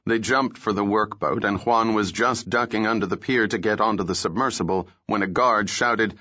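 Low-voiced male audiobook narrator. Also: dry recording, muffled recording. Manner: steady, measured storytelling. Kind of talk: scripted narration of a thriller novel.

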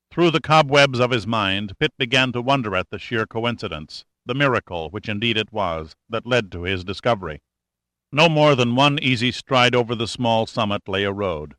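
A man narrating an adventure novel as an audiobook, in a steady, measured reading. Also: mid-range voice, no room sound.

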